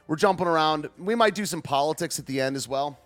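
A man's voice: a little high, fast talker, fairly bright tone, faint music behind. A man hosting a show, rambling through news clips in loose, slangy casual commentary and laughing often. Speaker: show host.

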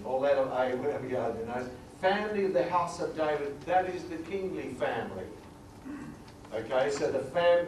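A man teaching a sermon through numbered points, reading scripture slowly and with emphasis. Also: medium pitch, a little hiss or hum. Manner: grows quiet and emotional at times. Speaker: preacher. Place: large echoey hall. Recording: echoey hall recording from far off.

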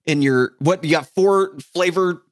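A man's voice: on the high side, measured pace, no room sound, studio quality. A man co-hosting a podcast, joking around and ranting playfully in casual chat. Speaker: podcast co-host.

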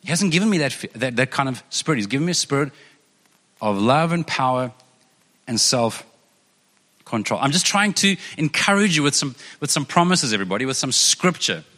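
A man's voice: medium pitch, expressive, normal speed, bright, forceful tone. Man, pastor, sermon, earnest conversational delivery, long hall echo. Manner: conversational, earnest preaching with repeated phrases.

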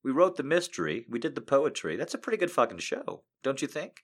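A man hosting a live show, reading a story aloud and then chatting casually, animated and swinging between hushed and loud. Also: mid-range voice, a little fast, slightly rough. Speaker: reader and live show host.

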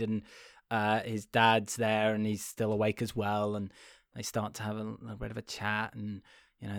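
A man's voice: mid-range voice, no room sound, clean studio sound. A man co-hosting a casual film review podcast, rambling with many fillers and laughing at his own story. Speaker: podcast co-host.

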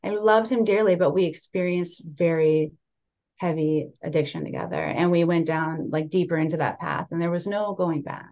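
Candid young woman guest, low voice. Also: moderate pace, lo-fi sound. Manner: candid, animated, many fillers like "like" and "right". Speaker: podcast guest. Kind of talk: casual conversational storytelling.

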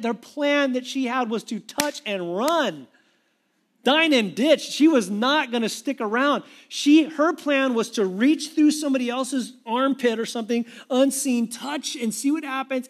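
A man preaching a sermon with animated, conversational storytelling. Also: extremely high pitch. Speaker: pastor.

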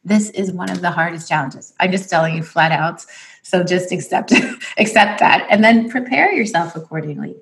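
A woman host speaks in a relaxed conversational way, warmly direct and encouraging while she gives advice. Her voice is on the low side. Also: moderate pace. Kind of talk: casual podcast conversation.

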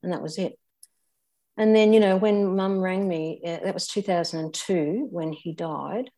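An older Australian woman with a lowish, mellow voice tells a personal story as an interview guest. She's candid and reflective, often halting and starting over.

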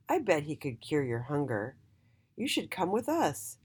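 A woman's voice: low voice, huge pitch swings, unhurried, darkish tone, husky, full character voice. A woman voicing Jolly, a cheerful, helpful talking trolley in a children's storybook. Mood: encouraging.

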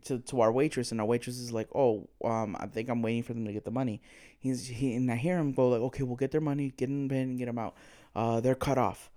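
A man's voice: mid-range voice, steady tone, quick pace, warm tone. A man retelling a story in casual chat, swearing freely and acting out quoted dialogue.

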